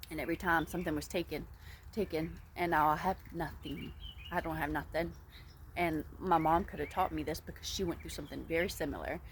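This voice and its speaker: A woman's voice: low voice, a little hiss or hum. A woman talking straight to camera in a casual advice vlog, blunt and emphatic, repeating points for emphasis. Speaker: vlogger.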